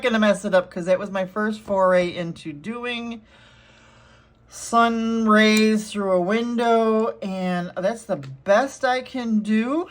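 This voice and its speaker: A woman's voice: medium pitch, slow. A woman art vlogger chatting casually to herself and her viewers while painting, gushing and laughing often.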